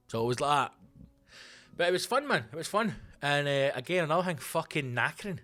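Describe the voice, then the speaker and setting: Sweary Scottish comedian telling stories. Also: male voice, medium pitch, fast talker, soft background music. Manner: swearing, animated storytelling with voiced asides. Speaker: comedian podcast host. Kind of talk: casual comic monologue.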